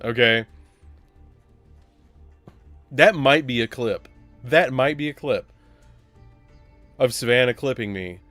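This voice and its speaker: A man's voice: medium pitch, very animated, very slow, pauses often, a bit bright, no room sound. Southern man chatting on a live stream. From Alabama, US. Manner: joking, rambling, talks to chat. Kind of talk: casual live-stream chat. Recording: dry with faint music behind.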